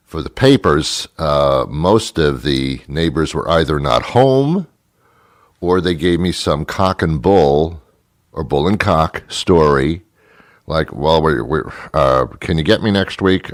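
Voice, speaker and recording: Grumpy deep-voiced man. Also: no room sound, studio quality. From New Jersey. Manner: grumpy, sardonic, rambling. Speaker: show host. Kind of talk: comedic monologue.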